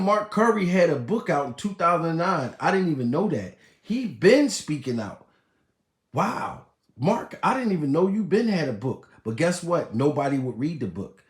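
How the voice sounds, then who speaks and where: A male comedian rants in a high, wildly swinging voice, profane and laughing, jumping from shouts to muttered asides. The sound is roomy and echoey. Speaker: comedian host. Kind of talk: loud comedic rant.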